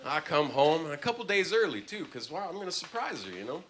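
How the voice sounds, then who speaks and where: Animated male stand-up comic on stage. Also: fast talker, heavy background noise. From Canada. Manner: animated storytelling, swings from low mumbles to loud bursts. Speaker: stand-up comedian. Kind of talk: stand-up routine. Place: comedy club stage with laughing audience.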